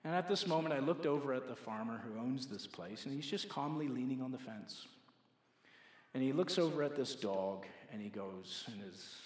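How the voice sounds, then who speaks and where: A man's voice: mid-range voice, lively intonation, moderate pace. Preacher man in an echoey hall. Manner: storytelling, growing forceful when preaching. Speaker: pastor. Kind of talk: sermon. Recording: echoey hall with long reverb.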